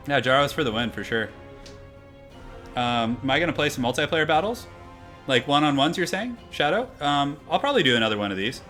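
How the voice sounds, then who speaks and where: Young male streamer, relaxed rambling chat, bright forceful tone, faint music behind. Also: mid-range voice, fairly quick. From half Irish heritage. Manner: laid-back, rambling, lots of fillers. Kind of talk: casual live-stream commentary.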